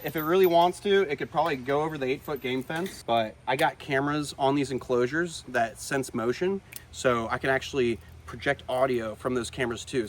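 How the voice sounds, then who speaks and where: A man keeper hosting a casual vlog outdoors among animal enclosures, excitable and shouting at the animals now and then. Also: medium pitch, slight background noise. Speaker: reptile keeper and host.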